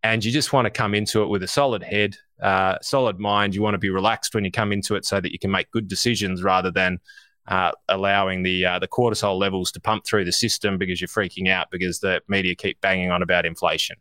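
A man's voice: low voice, fast talker, no room sound. Aussie guy ranting about markets, swears a lot, talks right to you, dry sound. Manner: animated, swears casually, addresses listeners directly. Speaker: co-host. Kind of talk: casual market commentary.

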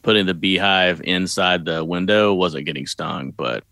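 A man's voice: sits low, normal speed, bright, forceful tone, no echo. A man co-hosting a podcast who discusses a movie with dry, matter-of-fact remarks. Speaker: podcast co-host.

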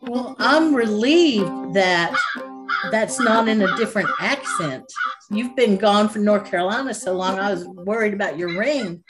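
A woman's voice: mid-range voice, animated, a little slow, over loud music. A woman, co-hosting a casual chat in a chatty, self-deprecating way. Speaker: co-host.

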